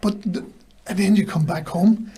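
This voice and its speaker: A man's voice: high-pitched, fairly even intonation, normal speed, warm tone, husky. A man with a Northern Irish accent, a podcast guest telling casual stories and acting out the lines people said to him. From Belfast, Northern Ireland. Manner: anecdotal, acts out quoted lines. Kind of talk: casual storytelling.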